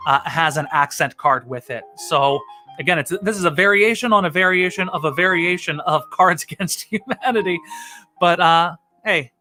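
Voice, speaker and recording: A man with a bright, somewhat high voice hosts a light comedy stream. He rambles casually to camera and pokes fun at himself. Faint music plays underneath. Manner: rambling, self-mocking, quick to laugh.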